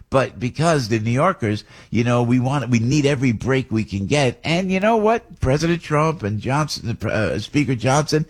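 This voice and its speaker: Husky, excitable New radio host. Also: male voice, medium pitch, normal speed, few pauses. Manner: excitable, rambling, repeats words. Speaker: radio talk show host. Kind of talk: casual on-air storytelling.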